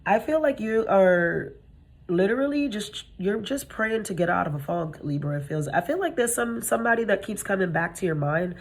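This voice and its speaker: A woman's voice: medium pitch, animated, normal speed. A young woman giving a casual tarot reading, chatty and streetwise, talking straight to her viewers. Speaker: tarot reader.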